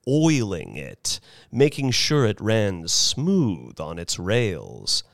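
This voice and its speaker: Slow, richly expressive male narrator. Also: medium pitch, dry recording, clean studio sound. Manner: expressive, with many character voices. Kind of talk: audiobook story reading.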